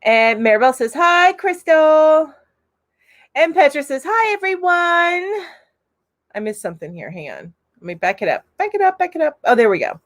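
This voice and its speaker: A woman in her forties from Florida hosts a casual live stream, reading viewer comments aloud. Her voice sits a little high, and she keeps things chatty and upbeat, laughing easily between remarks. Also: sing-song, normal speed, a bit bright. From Florida, USA.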